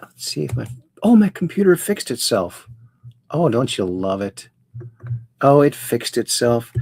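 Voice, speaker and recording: A man's voice: mid-range voice, a little mellow, no room sound. Playful rambling male livestream host. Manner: rambling and playful, greeting chat viewers by name, punning. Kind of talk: casual livestream chat.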